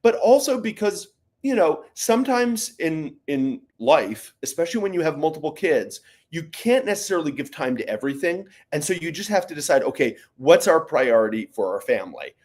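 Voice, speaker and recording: Male Q&A host, lively pitch, casual explainer with fillers. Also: moderate pace. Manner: conversational, with frequent fillers and "right?" tags. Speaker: host answering parent questions.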